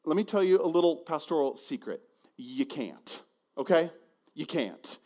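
A man's voice: fairly high pitch, measured pace. A man preaching a sermon as a pastor, telling a personal story and acting out the voices of the people in it. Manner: animated, acts out voices in his stories.

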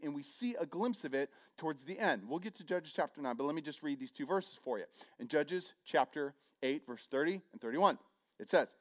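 A middle-aged pastor with a slightly high voice preaches a sermon, telling the story with animated energy. He acts out the voices and jokes at his own expense.

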